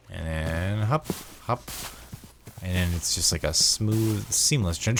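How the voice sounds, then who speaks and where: This sleep-deprived man from the US talks slowly in a low, creaky voice, with slight background noise. As a gaming vlogger, he rambles to viewers while playing, repeating words and straying into asides.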